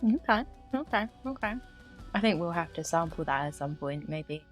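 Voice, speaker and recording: A woman's voice: low-pitched, animated, moderate pace, soft background music. A young woman co-hosting a casual podcast, joking and swearing. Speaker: podcast co-host.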